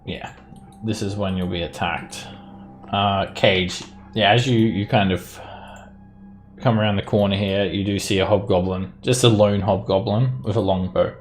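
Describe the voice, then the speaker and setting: A man narrating a tabletop game as dungeon master, relaxed and hesitant, with fillers. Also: lowish voice, unhurried, slight background noise.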